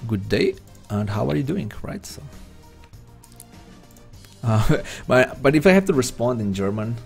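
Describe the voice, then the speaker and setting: A man's voice: medium pitch, big pitch swings, a little slow, vocal fry, faint music behind. A man chatting loosely with viewers while streaming an online poker game, rambling and self-deprecating. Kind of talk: live-stream chat while playing.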